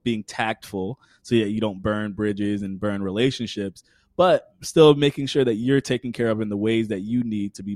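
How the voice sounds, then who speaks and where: A podcast guest in his twenties talks earnestly in a conversational interview, explaining things with everyday examples. His voice is on the low side and a little mellow, with no room sound.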